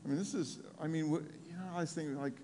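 A man preaching a sermon, telling a story with lots of restarts, growing animated and excited as he retells it. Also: a little high, very fast, a little hiss or hum. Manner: animated, rising to excited near-shouting while retelling. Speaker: pastor. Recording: long hall reverb.

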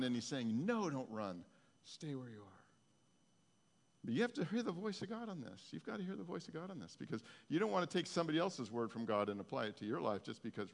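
A male pastor giving a conversational sermon, his intensity swinging from soft to loud. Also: mid-range voice, in a large hall. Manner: conversational preaching, rising and falling in intensity.

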